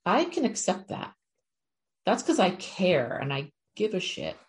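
Low-voiced, chatty middle-aged woman. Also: huge pitch swings, unhurried. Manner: chatty and frank, with casual swearing. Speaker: animal communicator and spiritual teacher. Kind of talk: casual spiritual talk to viewers.

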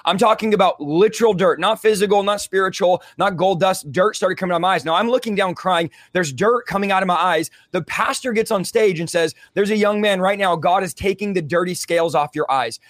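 Fast-talking high-voiced man, fervent. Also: a bit bright, no echo, clean studio sound. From California. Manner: fervent, rapid, casual slang like "bro" and "dude". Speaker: guest telling his testimony. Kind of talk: conversational interview storytelling.

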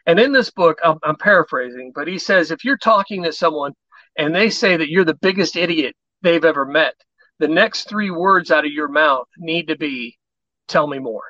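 A man's voice: on the high side, moderate pace, sharp tone, dry recording, lo-fi sound. A man speaking as a podcast guest, animatedly explaining conversation techniques and acting out quoted exchanges. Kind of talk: conversational advice on persuasion.

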